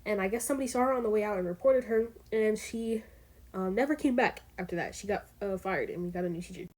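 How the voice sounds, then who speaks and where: A woman's voice: medium pitch, fast, a little mellow. A teenage girl casually telling a rambling story in a vlog, using lots of fillers and asides. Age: teens. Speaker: vlogger.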